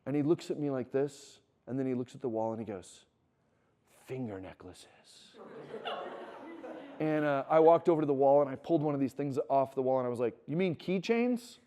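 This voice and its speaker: Speaking fast with few pauses, this medium-pitched middle-aged man preaches conversationally to students at a Christian wilderness school, over slight background noise in the teaching room. His stories feature acted-out quotes and climb toward animated emphasis.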